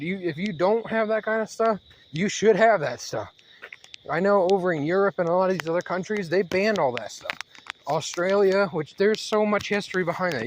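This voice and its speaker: Man, higher-pitched, ranting to camera on a fast walk outside, a bit winded, rambling with lots of fillers, faint crickets behind. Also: slight background noise. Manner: worked-up, rambling, halting with many fillers. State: slightly out of breath from fast walking. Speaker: channel host. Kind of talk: rambling monologue vlog. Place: outdoors, walking.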